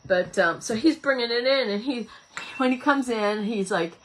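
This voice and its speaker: A woman's voice: fairly high pitch, moderate pace, a little hiss or hum. A woman, chatting, giggling and rambling as she hosts a home craft livestream and reads viewer comments. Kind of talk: casual chat while crafting.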